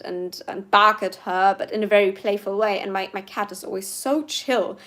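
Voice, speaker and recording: A woman's voice: mid-range voice, a bit bright. Chatty young woman livestreaming. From Germany. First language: German. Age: 20s. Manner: chatty and earnest, many fillers and restarts. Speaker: livestream host. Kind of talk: live Q&A reading viewer comments.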